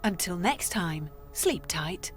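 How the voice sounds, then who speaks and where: A woman narrating in a dramatic, suspenseful scripted voice-over, with loud music playing beneath her. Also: lowish voice, expressive, slow pace.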